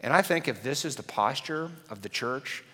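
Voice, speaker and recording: A man's voice: medium pitch, animated, moderate pace, pushed and bright, long reverb tail. A man preaching a sermon as a pastor, earnest and conversational with touches of humor.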